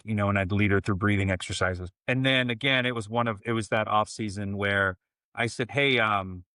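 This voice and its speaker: A man's voice: fairly low pitch, fairly even intonation, normal speed, sharp tone, dry recording. A man in his forties, a coach and podcast guest, telling family stories in a casual interview and acting out the lines of the people in them. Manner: storytelling, many restarts, acts out quotes.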